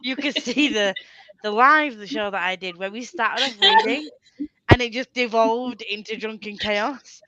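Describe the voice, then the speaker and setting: A woman's voice: on the high side, unhurried, pushed and bright, no echo, lo-fi sound. Giggly woman hosting a live stream. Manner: giggly, laughs often, rambling anecdotes. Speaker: livestream host. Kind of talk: casual chat on a live stream. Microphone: computer webcam mic.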